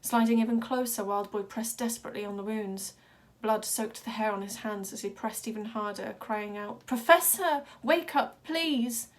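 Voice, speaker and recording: A woman reads a storybook aloud at a middling pitch for a woman, telling it with steady drama. Her narration moves evenly between tense moments. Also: moderate pace, few pauses. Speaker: reader.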